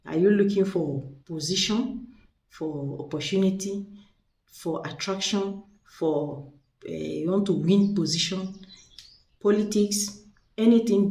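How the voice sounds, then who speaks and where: A woman with a fairly low, dark-toned voice shows off spiritual products in a casual showcase. She's chatty and persuasive, repeating words for emphasis, and the recording is echoey with a distant mic.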